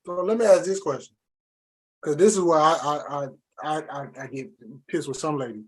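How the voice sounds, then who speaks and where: A man hosting a podcast in casual chat, teasing and animated, in Southern slang. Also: a little high, fairly quick, breathy edge. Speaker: podcast host.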